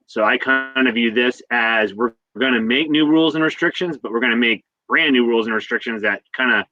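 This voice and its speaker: A man's voice: fairly low pitch, bright, forceful tone, dry recording, highs cut off. A man as a guest astrologer, explaining signs casually in a loose, rambling way.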